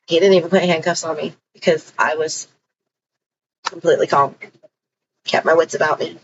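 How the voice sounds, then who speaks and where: A woman's voice: low-pitched, fairly even intonation, normal speed, long pauses, muffled recording, slight background noise. Blunt, swearing woman telling her story. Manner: blunt, emphatic, swears freely. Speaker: storyteller recounting her own experience. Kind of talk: casual personal storytelling.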